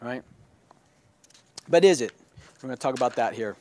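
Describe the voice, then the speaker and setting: A man's voice: medium pitch, expressive, moderate pace, a little mellow. A man teaching a church class who keeps checking in with his listeners, asking "right?" and "all right?". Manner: asks questions and checks in with "right?".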